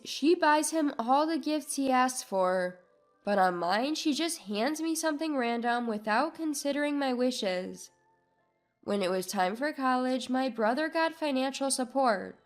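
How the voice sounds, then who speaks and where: A woman narrating a first-person family story in a measured, subdued way. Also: high voice. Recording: narration with soft background music.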